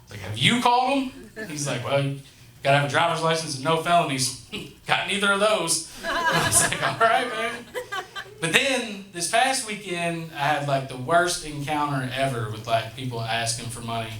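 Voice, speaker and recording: Holding a stage microphone, this thirty-something man runs a comedy club set full of profane, chatty stories and remarks tossed to the audience. He speaks at a normal speed in a fairly high, animated, sharp-toned voice. Laughter from the crowd fills the echoing room.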